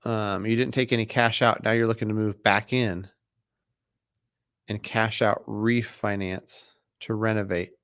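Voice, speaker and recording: A man hosting a live mortgage Q&A stream, talking in a relaxed, chatty way with lots of fillers and restarts, sounding tired. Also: mid-range voice, no room sound, studio quality. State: tired, yawning.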